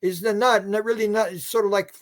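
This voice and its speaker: A man's voice: high voice, steady tone, brisk, pitched above the performer's own voice, natural voice. A man putting on a rattled regressed preacher. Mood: uneasy. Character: frightened man under regression, a former preacher.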